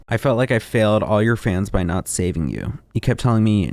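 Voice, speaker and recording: A man with a low voice reads a long written statement aloud to his stream. His tone is steady and somber, and he breaks off now and then for a quiet, muttered aside. His voice carries a rough, gravelly edge. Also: normal speed, few pauses, no echo. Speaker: streamer reacting to online content.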